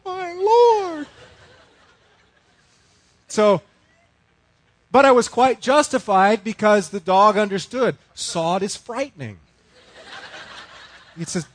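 A middle-aged man preaching a sermon, telling a story with big swings from loud outbursts to hushed, quiet lines. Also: sits high, no echo, low-quality recording. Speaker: pastor.

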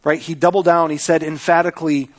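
A man's voice: a little high, flat delivery, fast talker. A man preaching a sermon in a conversational way, often checking in with listeners by asking "right?". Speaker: pastor.

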